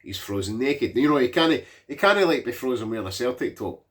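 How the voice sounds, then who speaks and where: A man's voice: medium pitch, expressive, brisk, a bit bright. A man in his forties giving a casual, rambling film recap, swearing freely and leaning on fillers. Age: 40s. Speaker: movie reviewer.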